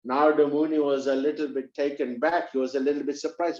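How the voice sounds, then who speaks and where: A male preacher tells a sermon story in a lively way, acting out each character as he goes. His voice sits a little high, and it sounds roomy and slightly dull, as if recorded in an echoey room. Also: fast, hardly any pauses.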